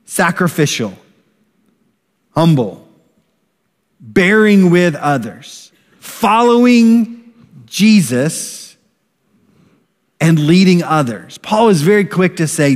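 A middle-aged man preaches in a church sanctuary, his voice sitting a little high for a man. He is animated and expressive, breaking into acted voices to make his point. The sound carries a long reverb from the large hall. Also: takes it slowly, pauses often. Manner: animated, acts out shouted parent voices. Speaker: pastor. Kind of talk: sermon.

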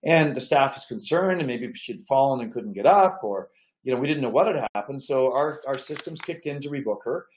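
A man's voice: medium pitch, animated, fairly quick, reverberant, a little hiss or hum, poor audio. A man coaching chiropractors, telling stories in a folksy, emphatic way. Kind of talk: storytelling talk to chiropractors.

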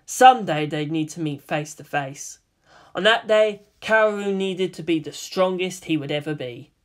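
A reader narrating a fan-fiction story aloud with expressive storytelling. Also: medium pitch.

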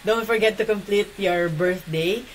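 A woman's voice: medium pitch, crowd noise, rough recording. A Filipino woman teaching Korean in a casual online class, switching between Tagalog and English with playful laughter. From Philippines. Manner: fast, playful, laughs often.

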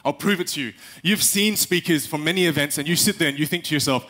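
A young man giving a live talk on stage, animated, acting out little quotes and speaking straight to the audience. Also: on the high side, fast talker, few pauses. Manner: animated, acts out quotes, addresses the audience directly.

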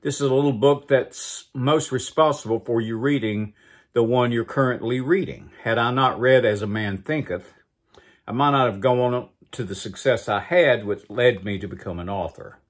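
A man's voice: medium pitch, moderate pace. A man hosting a morning show, reading books and jokes in a folksy, storytelling way. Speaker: host. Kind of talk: casual joke reading.

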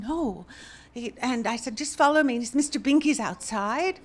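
A woman comedian doing stand-up storytelling on a club stage, wry and deadpan, rising to exasperated bursts. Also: a little high, moderate pace. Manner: deadpan, wry delivery that rises to exasperated outbursts. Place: comedy club stage before a laughing audience.

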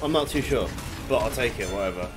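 A man giving excitable, swear-heavy let's play commentary, yelling at the game as he plays. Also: fairly low pitch, fast. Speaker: gaming YouTuber. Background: game music.

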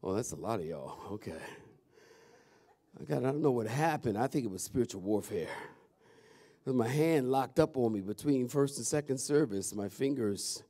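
A man's voice: medium pitch, moderate pace. A man, a pastor talking casually and animatedly to his congregation in a church. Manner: chatty and animated, calls out to the audience. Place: church sanctuary.

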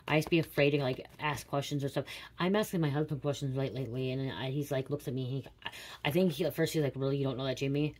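Late 30s woman, low voice, talks fast, rambly chatty psychic reading, swears a lot. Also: husky. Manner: rambling, confiding, swears casually. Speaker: tarot reader. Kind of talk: casual psychic reading chat.

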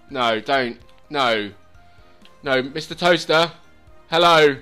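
Excitable man playing a game. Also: a little high, moderate pace, soft background music. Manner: excitable, swearing, talks to the game. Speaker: gaming channel host. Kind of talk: let's play commentary.

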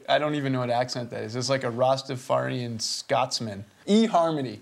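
A man's voice: mid-range voice, fairly quick, gravelly, few pauses. A man hosting a comedy web show, delivering mocking, sardonic commentary and chuckling through his own jokes.

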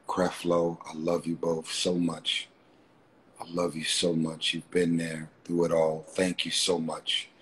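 A man with a very deep voice speaks slowly into his phone on a livestream from a hotel room. He talks fervently and repetitively, calling out to his viewers again and again. A faint hum of noise sits behind him. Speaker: livestream host. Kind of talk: casual livestream talk.

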